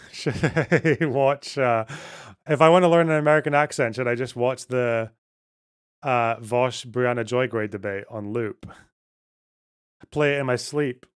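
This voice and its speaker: A man's voice: mid-range voice, unhurried, pauses often, clear, resonant tone. A man with a Scottish accent, casually reading and answering viewer chat on a livestream in a blunt, sarcastic, profane way. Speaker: streamer.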